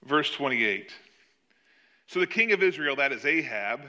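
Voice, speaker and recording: A man preaching a sermon, retelling a Bible story with animated delivery and acting out the characters' lines. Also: medium pitch, unhurried, dull audio. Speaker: pastor.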